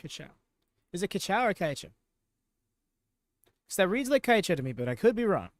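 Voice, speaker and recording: A man's voice: high voice, sing-song, racing, dry recording. A man hosting a live wrestling watchalong stream, chatting casually and answering viewers in chat. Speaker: watchalong host.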